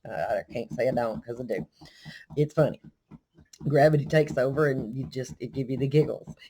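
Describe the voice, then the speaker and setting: An older woman from Texas with a Texan accent, telling a story in a casual, animated, self-deprecating way. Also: rumbling low, normal speed, a little hiss or hum. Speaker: vlogger.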